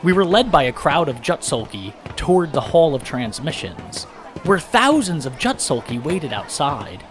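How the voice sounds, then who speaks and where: A man narrating a first-person story aloud with lively, dramatic delivery. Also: on the high side, normal speed. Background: background music.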